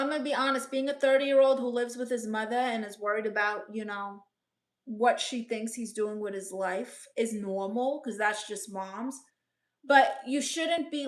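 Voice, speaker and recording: A woman comedian hosting a casual live stream as a brash aunt, reading viewer comments and giving blunt, teasing advice. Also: a little high. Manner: blunt, teasing, playfully sassy.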